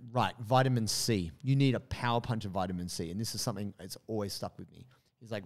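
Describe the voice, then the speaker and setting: A man's voice: on the low side, darkish tone. A man, telling a story in casual podcast chat with many fillers and quoted asides. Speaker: podcast co-host.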